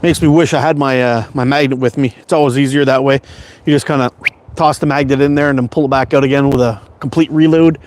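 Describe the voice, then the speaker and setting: A man's voice: mid-range voice, steady tone, fast, background noise. A middle-aged man from Canada rambling through a casual livestream chat, swearing freely and laughing often. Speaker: slingshot livestream host.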